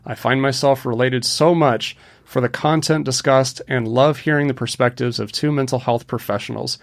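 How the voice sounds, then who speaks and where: Therapy podcast cohost guy, dry teasing humor, reads reviews pretty flat. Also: mid-range voice, normal speed. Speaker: podcast co-host and counselor. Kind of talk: casual podcast chat.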